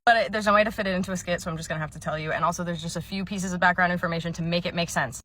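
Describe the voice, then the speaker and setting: A woman telling a comedic story in skit style, chatty and animated, and laughing often. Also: fairly low pitch, very fast, few pauses. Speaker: comedy storyteller, former cashier.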